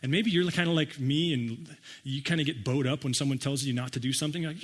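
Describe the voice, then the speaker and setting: A pastor preaching a conversational sermon, acting out listeners' reactions with wry humor. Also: male voice, a little high, very fast, in a large hall. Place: church sanctuary.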